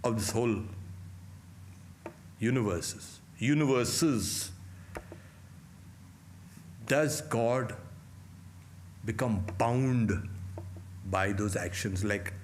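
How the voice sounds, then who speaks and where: A man, a monk, giving a lecture on scripture in slow, deliberate phrases with long pauses, asking rhetorical questions and answering them himself. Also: fairly low pitch, a little hiss or hum. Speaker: monk teaching scripture class.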